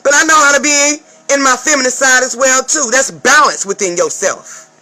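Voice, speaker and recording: Very high, sharp-voiced woman ranting. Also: moderate pace, low-quality recording. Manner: profane, emphatic, keeps checking in with "okay?". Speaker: spiritual advisor. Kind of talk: casual vlog rant.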